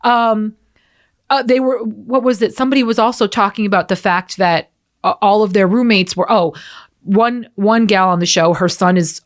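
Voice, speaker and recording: A woman's voice: medium pitch, normal speed. Frank, chatty American woman podcast host. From United States. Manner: chatty, frank, swears casually. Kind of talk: casual chat.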